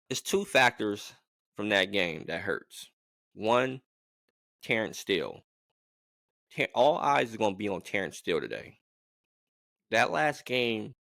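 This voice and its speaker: A man vlogging as a sports fan, giving a rambling, animated game prediction in casual talk. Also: on the low side, dry recording, clean studio sound. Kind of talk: casual sports opinion monologue.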